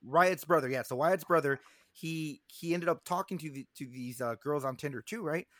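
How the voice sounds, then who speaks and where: A young man casually telling a long story, animated and swearing, acting out what others said. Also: a little high, moderate pace, dry recording.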